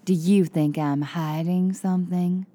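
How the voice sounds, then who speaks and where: An evasive, defensive man, voiced by a woman narrator in an audiobook. He hedges his answers in a slightly lowered voice. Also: fairly even intonation, a little slow, mellow. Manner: defensive, hedging replies. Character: defensive, evasive adult male neighbor.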